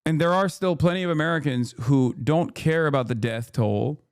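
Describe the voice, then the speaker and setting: A man's voice: a little high, normal speed, clear, resonant tone, no room sound, studio quality. A man streaming, giving blunt, heated political commentary in a casual way with plenty of swearing.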